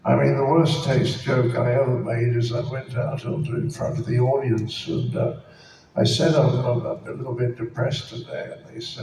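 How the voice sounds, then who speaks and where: A man's voice: mid-range voice, fairly even intonation, normal speed, creaky, warm tone, recorded from a distance, slight background noise. A man answering audience questions at a convention, with dry, profane comic wit. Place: large convention hall. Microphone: PA system heard through a phone from the crowd. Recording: echoey hall, phone filmed from the audience.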